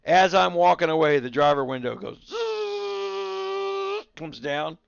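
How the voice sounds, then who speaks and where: Gravelly guy rambling stories on a stream, dry close mic, kinda dull lo-fi sound. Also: a little high, normal speed, no room sound. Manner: rambling storyteller, chuckling, talks to his dogs. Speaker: livestreamer. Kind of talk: casual stream chat.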